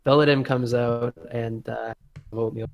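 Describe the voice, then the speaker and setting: A man's voice: mid-range voice, steady tone, unhurried, vocal fry, low-quality recording. A man narrating as game master of a tabletop game, rambling and leaning heavily on filler words.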